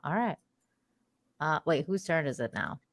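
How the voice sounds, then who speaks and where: A woman hosting a casual panel podcast, upbeat and quick to laugh, handing out turns. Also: deep voice, sing-song, no echo, studio quality. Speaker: podcast host.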